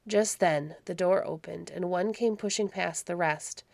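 A woman reading a classic story aloud in a calm, measured storybook narration. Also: on the low side, vocal fry, no echo. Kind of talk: scripted narration.

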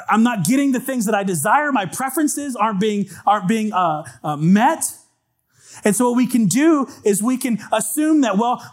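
High-voiced man preaching a sermon. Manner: earnest preaching, reads scripture aloud, asks congregation for amens. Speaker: pastor. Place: church with congregation.

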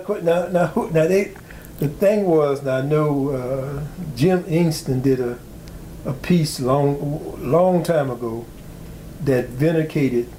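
Man, interviewer, mellow tone, halting questions, faint background noise. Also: mid-range voice, echoey room, poor audio. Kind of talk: oral history interview.

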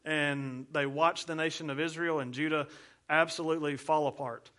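A man's voice: a little high, steady tone, moderate pace, sharp tone. A man, a pastor giving a playful teaching sermon, walking listeners through memory cues. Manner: playful, explains with hand gestures and repeated cues.

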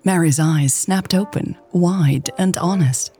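A woman narrating a romance story in a calm, even storytelling voice. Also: on the low side, slow pace, soft background music. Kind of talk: scripted audiobook narration.

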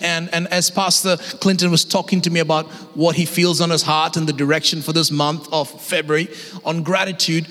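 A man in his thirties, a guest pastor, giving an energetic, conversational sermon and acting out voices for his stories. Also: on the high side. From Australia. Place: church auditorium. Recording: long hall reverb.

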